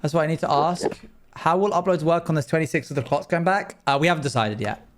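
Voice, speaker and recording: A man's voice: fairly high pitch, background noise. A young man, chatting playfully with his audience while livestreaming a game. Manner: chatty, quick asides and playful exclamations. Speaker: streamer. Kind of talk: live game stream chat.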